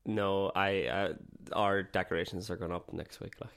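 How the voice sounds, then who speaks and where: A man's voice: sits low, steady tone, normal speed, a bit bright, clean tone. A man co-hosting a podcast in casual chat, blunt and teasing with a drawl. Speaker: podcast co-host.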